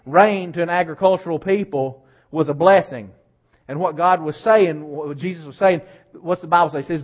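Male pastor, high voice, preaching with rising fervor; dull lo-fi recording. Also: normal speed, slightly rough. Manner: preaching, builds from low and quiet to loud and emphatic. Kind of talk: sermon.

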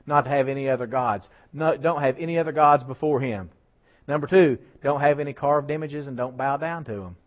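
A man's voice: mid-range voice, a little fast. Male pastor preaching. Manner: animated preaching with rising emphasis and asides to the congregation. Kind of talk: sermon. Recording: slightly dull lo-fi church recording.

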